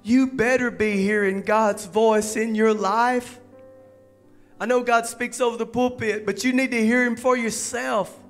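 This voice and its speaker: Man, pastor, preaching, light higher voice, quiet organ behind. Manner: soft and low at first, rising to fervent preaching. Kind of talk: sermon. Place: church sanctuary.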